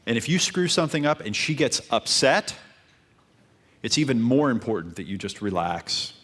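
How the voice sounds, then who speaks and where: A man giving dating advice in a calm coaching talk, repeating his points. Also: mid-range voice, moderate pace.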